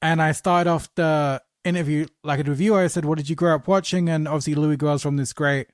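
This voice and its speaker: A podcast host tells stories in a casual, animated way and swears freely. His voice sits a bit above the usual pitch for a man. The sound is close and dry, with no room echo. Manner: animated anecdote teller, swearing, quick asides. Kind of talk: casual podcast chat, storytelling.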